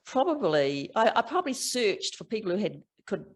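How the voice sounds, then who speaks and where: A woman's voice: medium pitch, sing-song, normal speed. An older woman with a strong New Zealand accent, chatting as an author guest in an interview with frequent laughs and restarts. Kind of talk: casual interview chat.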